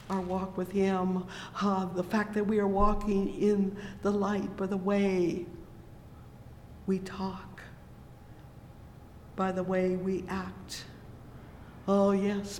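Slow, fervent preacher in an echoing hall. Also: mid-range voice, a little mellow, slight background noise. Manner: fervent, interjects "oh, yes" and "praise the Lord" between verses. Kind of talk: sermon with scripture reading. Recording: echoey reverberant hall.

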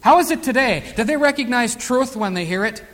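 High-pitched guy preaching a sermon, swings from loud and emphatic to hushed, long echo like a big hall. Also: animated, brisk.

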